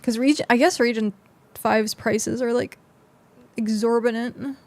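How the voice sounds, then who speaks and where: A woman's voice: a little high, steady tone, unhurried. A young woman streaming a game, chatting casually and rambling with lots of fillers as she plays. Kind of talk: casual gameplay commentary.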